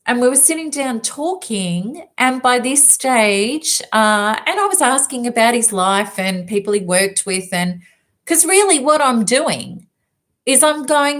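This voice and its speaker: A woman self-help speaker telling a personal story in an emphatic, lively way. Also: on the high side. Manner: lively, emphatic, quick asides. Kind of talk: storytelling talk to an audience.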